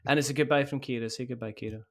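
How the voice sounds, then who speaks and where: A man hosts a podcast in an easygoing, playful manner, joking about ratings and teasing his guests. His voice sits at an ordinary middle pitch, and he chuckles often between lines. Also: steady tone, very fast. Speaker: podcast host. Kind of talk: casual podcast sign-off.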